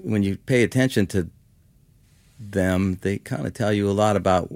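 A man's voice: on the low side, moderate pace, creaky, a little mellow, no echo. A man in his fifties from Los Angeles, a musician talking casually in an interview, rambling with lots of "like" and "you know.". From Los Angeles, California. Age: 50s. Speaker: musician guest.

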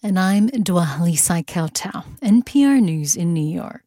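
A newscaster reading radio news in a crisp, scripted way. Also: male voice, sits high, animated, a little slow, mellow, no room sound, clean studio sound.

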